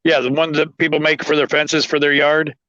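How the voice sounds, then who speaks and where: A man chatting excitedly and a bit ramblingly with friends on a live video call. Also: on the high side, brisk, no echo. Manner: excited, rambling, laughs while talking. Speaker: guest homesteader. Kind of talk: casual live-stream chat. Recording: muffled lo-fi call audio.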